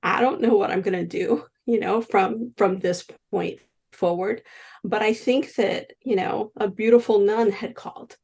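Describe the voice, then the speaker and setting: With a husky, mid-range voice and a slightly slow pace, a woman in her sixties shares stories as a healer being interviewed. She tells them with animation, performing the voices of those she quotes.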